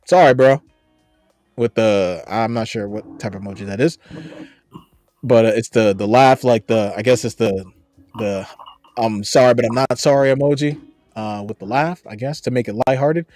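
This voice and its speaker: A man's voice: mid-range voice, normal speed, darkish tone, dry recording, clean studio sound, soft background music. A man from the United States co-hosting a podcast, reacting to viewer comments in a blunt, profane, sarcastic way. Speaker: podcast co-host.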